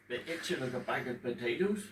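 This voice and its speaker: A man in his fifties speaking emotionally at home in front of a fish tank, pausing often as he talks about his own experience. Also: medium pitch. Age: 50s. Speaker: vlogger talking about his depression. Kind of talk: unscripted personal talk to camera. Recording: echoey room, distant mic, faint background hum.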